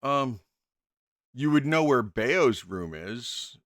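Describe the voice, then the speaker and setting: A man's voice: mid-range voice, expressive, takes it slowly, fairly bright tone, no room sound, studio quality. A man narrating as game master in a casual tabletop game, laid-back with frequent ums and chuckles.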